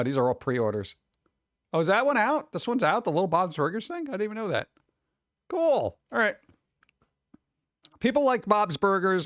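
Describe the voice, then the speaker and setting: A man's voice: a little high, a bit bright, no echo. A man streaming live, chatting casually and reading news aloud with offhand jokes in a rambling way.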